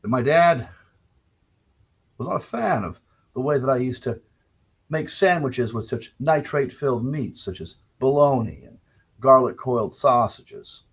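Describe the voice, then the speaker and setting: A man's voice: mid-range voice, lively intonation, a little slow, breathy edge. A man doing a folksy radio storyteller. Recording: dull lo-fi recording.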